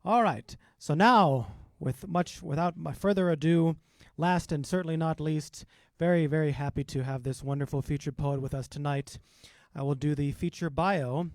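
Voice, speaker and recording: A man's voice: fairly high pitch, normal speed, few pauses, no room sound, clean studio sound. A man hosting an open mic, upbeat, hyping the crowd and introducing the poets. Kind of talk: emcee introductions.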